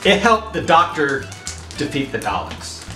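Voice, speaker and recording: A man's voice: on the high side, sing-song, measured pace, pushed and bright. A young man vlogging, making dry, wry remarks while tasting snacks with his partner. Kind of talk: casual snack taste-test chat. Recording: echoey room, off-mic, faint music.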